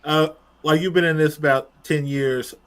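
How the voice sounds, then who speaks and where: A man co-hosting a wrestling podcast, asking questions in a relaxed way with lots of fillers. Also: fairly high pitch, normal speed, clean tone. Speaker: podcast co-host. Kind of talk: casual podcast interview.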